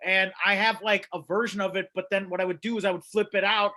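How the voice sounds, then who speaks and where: A man's voice: high-pitched, flat delivery, quick pace, pushed and bright. A man hosting an open mic over a video call, riffing and rambling through stand-up bits in a self-deprecating way from a small room at home. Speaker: open mic host and comedian.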